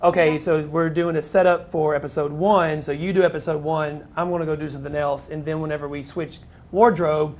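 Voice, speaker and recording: A man co-directing a web series, talking on a live panel with quick joking asides. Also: a little high, level tone, darkish tone. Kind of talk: casual panel talk.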